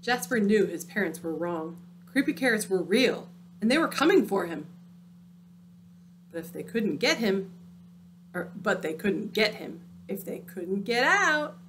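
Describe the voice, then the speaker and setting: Slow, expressive woman reading a storybook. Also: mid-range voice, a little hiss or hum. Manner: dramatic, drops into hushed spooky tones. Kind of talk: picture book read-aloud.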